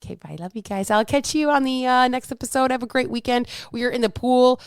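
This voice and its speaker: A woman's voice: high-pitched, quick pace, smooth, no echo, studio quality. A woman fitness coach hosting her podcast in a casual motivational talk, blunt and upbeat, swearing freely.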